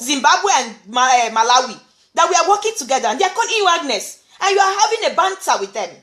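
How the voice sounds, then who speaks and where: A woman from Nigeria with a Nigerian accent, talking in an animated vlog monologue and often repeating words. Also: sits high, moderate pace, roomy sound. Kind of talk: casual monologue.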